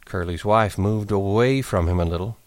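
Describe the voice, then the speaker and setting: A man reading a novel aloud with steady, dramatic storytelling. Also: fairly low pitch, normal speed, no echo. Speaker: narrator.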